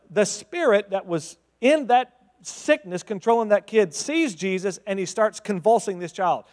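A man preaching a sermon as pastor, speaking directly to the congregation with rhetorical questions and swinging between loud outbursts and hushed intensity. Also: high voice, long reverb tail.

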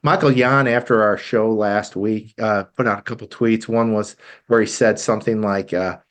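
A man hosting a talk show in a studio, delivering an emphatic, indignant political commentary monologue with frequent halting restarts. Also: lowish voice, steady tone.

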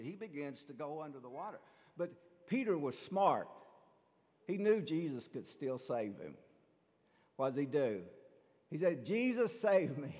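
A man, a priest, giving a sermon in a conversational, animated way, asking the congregation rhetorical questions. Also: a little high. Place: church. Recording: long church reverb.

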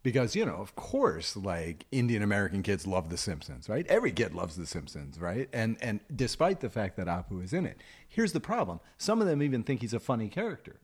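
Animated man explaining his point. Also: lowish voice, brisk, hardly any pauses, slightly rough. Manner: explanatory, checks in with "right?". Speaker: podcast co-host. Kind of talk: casual discussion.

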